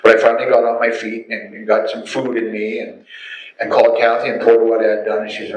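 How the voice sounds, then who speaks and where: A middle-aged man tells his personal testimony as an animated storyteller who acts out the voices. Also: on the low side, quick pace, highs cut off, a little hiss or hum. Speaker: testimony speaker. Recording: echoey room, faint ambience.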